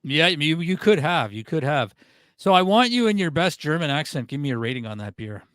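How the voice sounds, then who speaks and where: A man's voice: a little high, sing-song, a little fast, a bit bright, smooth, no echo. A man hosting a casual comedy podcast, joking around and laughing often. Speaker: podcast host.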